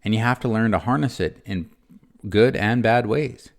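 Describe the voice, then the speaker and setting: A man hosting a motivational podcast, talking earnestly and warmly straight to the listener, with frequent tag questions and restarts. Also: fairly low pitch, moderate pace. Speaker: podcast host, former prison guard.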